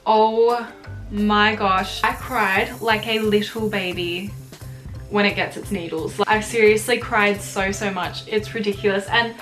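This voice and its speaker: A young woman answering questions in a casual vlog, chatty and quick to giggle, with lots of fillers. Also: medium pitch, steady tone, fairly bright tone, soft background music. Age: young adult. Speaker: vlogger. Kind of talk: casual couple Q&A.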